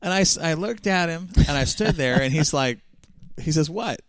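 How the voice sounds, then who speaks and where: A man's slightly high, clean voice comes through at normal speed with studio quality and no echo. Co-hosting a racing talk show, he tells stories in casual conversation and animatedly acts out the quotes.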